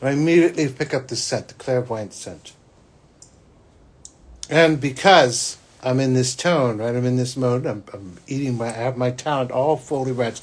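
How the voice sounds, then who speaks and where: Husky guy rambling through a spiritual story on his podcast, goes loud then hushed. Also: medium pitch, normal speed. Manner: rambling, restarts often, big swings between loud and hushed. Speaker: psychic, show host.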